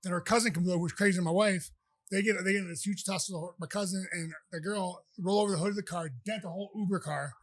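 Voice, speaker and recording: A man in his thirties chats as a podcast guest, racing through rambling anecdotes crowded with fillers. His voice sits a bit high for a man and sounds dry and close, with no room around it. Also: steady tone, quick pace, no echo. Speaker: podcast guest, pro fighter. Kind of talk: casual storytelling chat.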